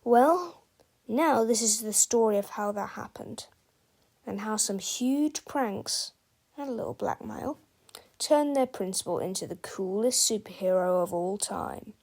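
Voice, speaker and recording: A woman's voice: medium pitch, animated, measured pace, a little mellow. A woman reading a children's book aloud, telling the story expressively and speaking to the listener directly. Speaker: storybook reader.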